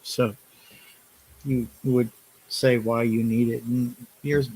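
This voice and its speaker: A man's voice: medium pitch, little pitch movement, takes it slowly, warm tone, breathy edge, low-quality recording. A man on a casual live-stream chat who explains things step by step in a practical way.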